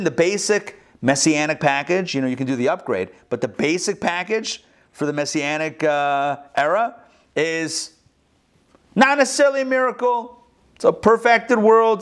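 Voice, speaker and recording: Animated rabbi teaching a class. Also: male voice, sits high. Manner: animated, rhetorical questions to the class. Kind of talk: interactive lesson.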